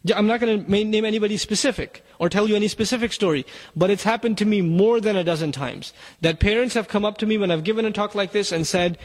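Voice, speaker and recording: Urgent preaching man, high voice. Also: fast, in a large hall. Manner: urgent, exhorting, addresses parents directly. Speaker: Muslim speaker. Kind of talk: sermon.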